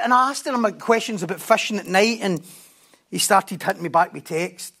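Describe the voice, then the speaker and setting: A man preaching a sermon in a lively way, dropping jokey asides and swinging between hushed and loud delivery. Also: high-pitched, fast talker, vocal fry, breathy edge.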